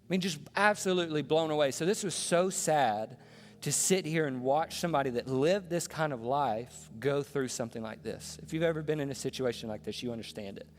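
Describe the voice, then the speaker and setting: Male pastor, higher-pitched, storytelling sermon, big reverberant sanctuary, quiet music bed. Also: brisk, a little hiss or hum. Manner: storytelling, swings from hushed to passionate. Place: church sanctuary. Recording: long reverb in a large hall with soft music.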